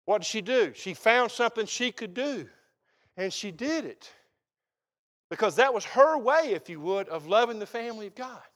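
Man, pastor, high-pitched voice, folksy emphatic sermon. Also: expressive, normal speed, fairly bright tone. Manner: folksy, emphatic preaching with rising exclamations.

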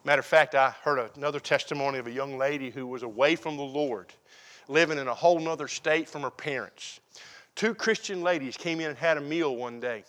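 A pastor from preaching a sermon, telling folksy stories and acting out the people in them. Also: male voice, medium pitch, brisk, fairly bright tone. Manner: folksy storytelling, acts out voices in anecdotes.

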